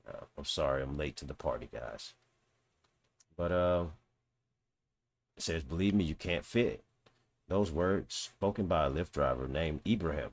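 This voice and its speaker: A man reading a news article aloud and breaking off into blunt, mocking, profane reactions. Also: low-pitched. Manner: blunt, mocking, swears, reads quotes aloud then reacts. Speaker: commentary host.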